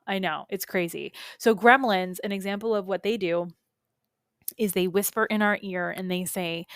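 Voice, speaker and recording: A woman's voice: on the low side, fairly even intonation, normal speed, smooth, no room sound, studio quality. A woman coach and podcast host teaching in a casual, earnest and emphatic way, with frequent asides to her listeners. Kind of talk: solo podcast teaching talk.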